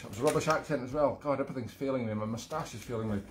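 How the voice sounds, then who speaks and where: A man's voice: mid-range voice, very fast, few pauses, slight background noise. Rambling self-mocking man. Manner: rambling, self-mocking, reading comments aloud. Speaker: musician hosting a live stream. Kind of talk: casual live-stream chat. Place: home room.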